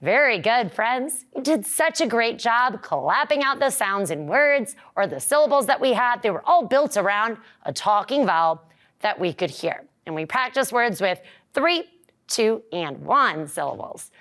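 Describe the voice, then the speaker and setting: A woman teacher leading a children's lesson, singing and cheering in a bright, encouraging, sing-song voice. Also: on the high side, very animated, measured pace.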